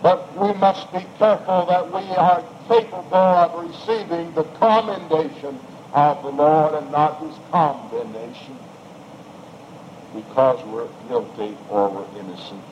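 A man's voice: fairly high pitch, unhurried, darkish tone. A man preaching a sermon with emphatic, rising and falling delivery and repeated phrases. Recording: dull lo-fi recording with faint noise.

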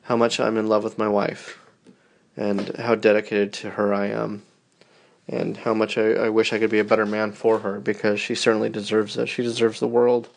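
A man's voice: on the low side, monotone, moderate pace, gravelly. A tired man in his thirties, rambling tenderly and yawning as he records a personal podcast for his wife. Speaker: podcast host.

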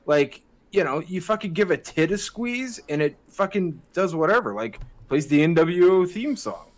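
A man's voice: sits high, big pitch swings, moderate pace. A man co-hosting a podcast, riffing on ideas with enthusiasm and many casual fillers. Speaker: podcast co-host. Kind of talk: casual chat.

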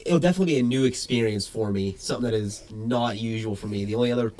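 A man co-hosting a casual podcast while getting over a head cold, chatty and quick to laugh, drifting into tangents. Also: medium pitch, a little mellow. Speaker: podcast co-host.

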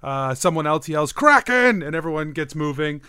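Casting: male game master, smooth clear tone, dry close sound, relaxed narration. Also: on the high side, brisk, dry recording. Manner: relaxed, hesitant fillers, laughing.

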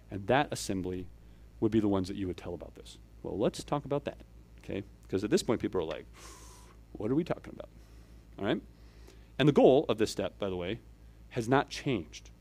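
A man preaching in an easy, conversational way, his voice sitting in the middle of the male range. He lays the teaching out step by step and keeps tagging lines with "okay?" and "right?". He swings from louder, emphatic pushes to soft, dropped asides. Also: medium pitch. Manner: checks in with frequent "okay?" and "right?". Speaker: church elder preaching. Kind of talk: conversational sermon.

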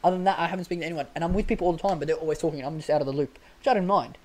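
Fast-talking Australian young man telling stories. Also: fairly high pitch, poor audio. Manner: animated, laughs mid-story, slangy. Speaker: podcast guest. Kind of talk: casual storytelling chat.

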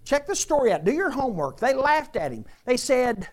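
A man preaching a sermon, retelling a story with lively animation and speaking directly to his congregation. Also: extremely high pitch, moderate pace, few pauses. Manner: animated storytelling, later drops to quiet earnest appeal.

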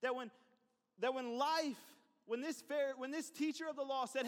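High-pitched guy preaching casual-style, lots of asides and "right?", long echo off a big church room. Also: fairly even intonation, moderate pace. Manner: conversational preaching with asides and repeated phrases. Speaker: pastor. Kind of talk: sermon. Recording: long hall reverb.

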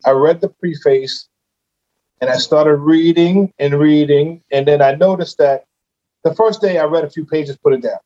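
A man guest talks through a story in relaxed conversation, his voice sitting a little high. He gets animated and acts out his own reactions as he goes. The recording sounds somewhat dull and muffled. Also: moderate pace. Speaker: podcast guest, businessman.

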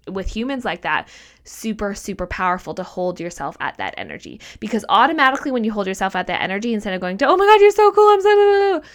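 Animated woman coaching on a podcast. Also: mid-range voice. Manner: animated, emphatic, repeats points for stress, swears casually. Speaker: podcast host and mindset coach. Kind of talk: casual solo podcast monologue.

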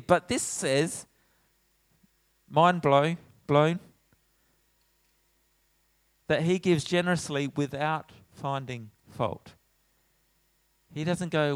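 A middle-aged man preaching a sermon in a church as pastor, animated, acting out his own lines when he tells stories. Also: a little high, slow pace, long pauses, clean tone, dry recording. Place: church hall.

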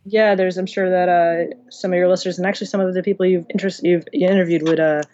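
A woman's voice: on the low side, flat delivery, fast, a little mellow, slight background noise. Chatty woman on a dull line. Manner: chatty, rambling, many restarts and fillers. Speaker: audiobook engineer and guest. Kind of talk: casual interview chat.

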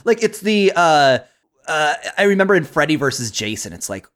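Podcast co-host, mid pitch, very lively intonation, laughs easily, casual. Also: normal speed. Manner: lively, laughs often, filler-heavy. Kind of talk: casual film discussion.

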